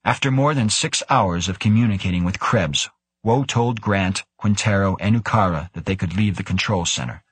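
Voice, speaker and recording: A man narrating an audiobook in a steady, measured storytelling manner. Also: low voice, breathy edge, no room sound. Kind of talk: scripted narration.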